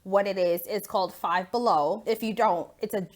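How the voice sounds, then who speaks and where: A young woman vlogging into her phone at home, telling a story in a casual, animated way, swearing freely and acting out what people said. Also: medium pitch, moderate pace.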